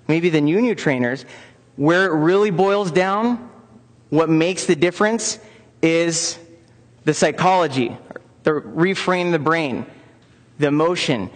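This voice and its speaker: A man's voice: a little high, slow pace, long pauses. A man presenting at a conference for personal trainers, upbeat and coaxing the audience into joining in. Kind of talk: interactive conference lecture. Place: large conference room. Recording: long reverb of a conference hall.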